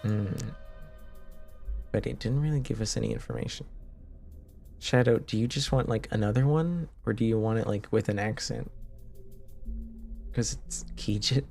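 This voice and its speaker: A man's voice: on the low side, normal speed, vocal fry, long pauses, darkish tone, faint music behind. A man in his twenties from Canada, chatting casually with his live-stream viewers and answering their questions with lots of fillers and restarts.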